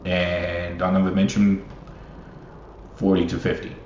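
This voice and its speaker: A young man with a very low voice, talking slowly and swearing freely as he rambles. He laughs often between thoughts. The recording sounds roomy and a little muffled. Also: completely flat delivery, darkish tone. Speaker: basketball fan. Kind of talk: casual solo commentary. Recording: roomy, muffled, faint hiss.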